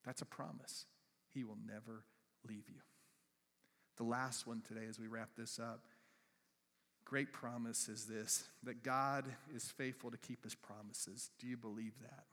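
A male pastor preaching a sermon, swinging between loud emphatic bursts and hushed, soft passages. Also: medium pitch, fairly even intonation, normal speed. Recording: reverberant church hall.

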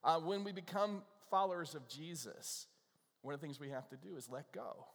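Male pastor, conversational sermon, slightly high voice, long church-hall reverb. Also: moderate pace, gravelly. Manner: conversational, self-deprecating joke telling.

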